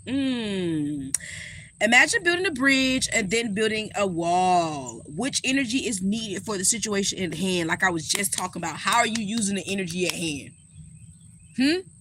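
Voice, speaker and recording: A woman astrologer gives a relaxed reading, sassy and animated and swearing freely as she talks straight to her viewers. Her voice is bright and sharp. Faint crickets chirp in the background. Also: medium pitch, slight background noise. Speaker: astrologer and spiritual reader.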